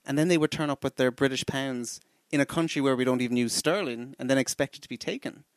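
A man from Ireland talks in casual conversation, voice at an ordinary middle pitch. His recording sounds close and dry, with no room behind it. He tells things in an animated way and repeats himself when he corrects. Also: fast talker, clear, resonant tone, no room sound. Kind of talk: casual chat.

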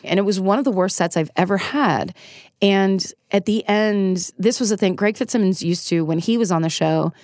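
A woman's voice: mid-range voice, moderate pace, darkish tone, no echo, studio quality. A middle-aged woman speaking candidly and self-deprecatingly as a guest in a casual interview, often laughing as she talks. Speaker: podcast guest.

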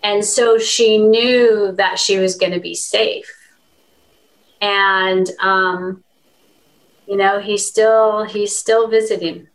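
A woman guest on a podcast, talking earnestly and warmly about her work as an animal communicator in a relaxed interview. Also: mid-range voice, slow, poor audio. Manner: earnest, heartfelt storytelling. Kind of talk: conversational interview.

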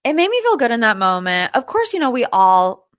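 A woman's voice: on the high side, a little fast, no room sound, clean studio sound. A woman hosting a podcast and recapping a reality show in a casual, chatty way, with sassy asides. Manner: chatty, animated, with sassy asides and quoted voices. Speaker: podcast host.

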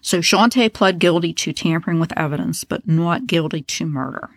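A woman's voice: fairly low pitch, normal speed, no echo. A woman hosting a true crime podcast, telling a case in a casual, blunt, opinionated way with profane asides.

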